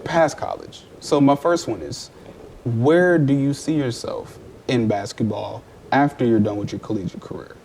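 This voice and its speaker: A man interviewing a college athlete, conversational and quick with agreeing interjections. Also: medium pitch, lively intonation, creaky, darkish tone, slight background noise. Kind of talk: sports interview.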